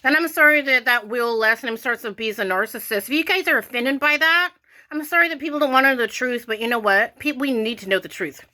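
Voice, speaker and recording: A woman's voice: a little high, fast talker, sharp tone. An American woman ranting casually to her viewers, irritated and rambling, with lots of "like" fillers. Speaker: vlogger.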